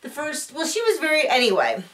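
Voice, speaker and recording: A woman chatting casually as she recaps a show, rambling and acting out quotes in a higher voice. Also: huge pitch swings, fairly quick, distant mic, a crowd in the background. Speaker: recap vlogger.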